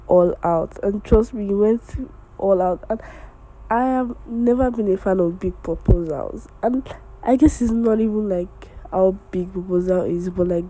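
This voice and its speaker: A woman's voice: mid-range voice, mellow, a little hiss or hum, low-quality recording. A young woman hosting a casual solo podcast, chatty and rambling with many fillers and restarts, talking from under a blanket indoors. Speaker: podcast host.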